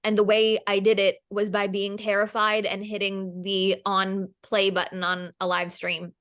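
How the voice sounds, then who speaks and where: A woman coaching over a video call, energetic and emphatic. She repeats phrases for weight and talks at an ordinary pitch. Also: unhurried, smooth. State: emotional, near tears. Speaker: business coach.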